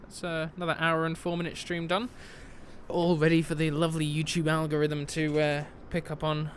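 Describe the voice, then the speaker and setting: A man's voice: on the high side, monotone, brisk, slight background noise. A man from Britain chatting on a live stream as he shuts down a sim aircraft, laughing often and answering his chat.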